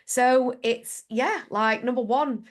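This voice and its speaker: A woman's voice: a little high, slow pace. Chatty playful woman podcast host. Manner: chatty, playful, many "like" fillers. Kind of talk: casual podcast chat.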